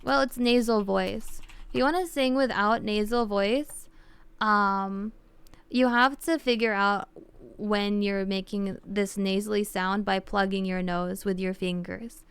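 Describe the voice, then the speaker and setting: A woman's voice: medium pitch, fairly even intonation, a little slow, fairly bright tone, smooth, no echo. A young woman streaming live, chatting casually with viewers and explaining things in a rambling way full of "like" and restarts.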